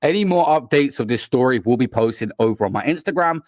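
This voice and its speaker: A man's voice: medium pitch, expressive, brisk, no echo, clean studio sound. A man commentating on celebrity gossip, steadily reading out news reports and adding his own remarks.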